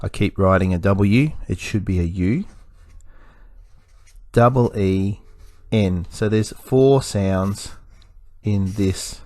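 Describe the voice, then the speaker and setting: A male teacher gives a recorded spelling lesson, slowly sounding out letters and syllables. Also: lowish voice, dark tone, dry recording, studio quality.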